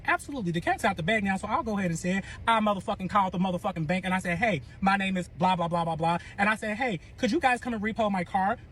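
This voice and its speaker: Man, high voice, rapid, profane boastful storytime, faint noise behind. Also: a bit bright. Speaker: storyteller in a reacted clip. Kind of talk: animated storytime rant.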